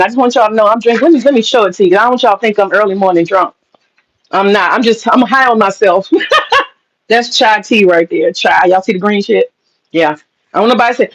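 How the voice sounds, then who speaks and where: Woman, livestream host, casual chat, sarcastic, profane, slightly high voice. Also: low-quality recording. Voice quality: sarcastic, profane, laughs often. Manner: casual slangy talk, drawn-out mock pleading. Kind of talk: livestream chat reading comments.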